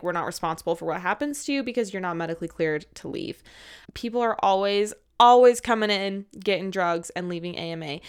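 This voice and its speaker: Smooth-voiced woman podcast host. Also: fairly high pitch. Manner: animated, laughs often while reacting. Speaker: former hospital worker. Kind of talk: casual podcast chat, reading listener stories aloud.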